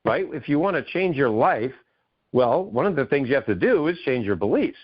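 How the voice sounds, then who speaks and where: A man's voice: medium pitch, big pitch swings, moderate pace, slightly rough. A man from Maine, a guest author and keynote speaker, telling his story with enthusiasm in a radio interview. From Maine, USA. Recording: dull lo-fi radio audio.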